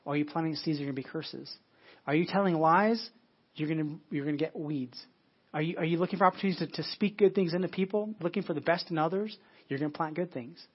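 A man's voice: fairly high pitch, fast talker, slightly rough. A man preaching a sermon to his congregation in church, often repeating words and restarting. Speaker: pastor. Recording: dull lo-fi sermon audio.

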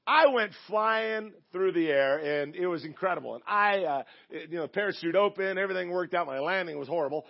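A man's voice: high-pitched, gravelly, slightly rough, highs cut off. A man preaching a sermon as pastor, telling a story in a chatty, joking way with acted-out voices. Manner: chatty, jokey, acts out quoted voices.

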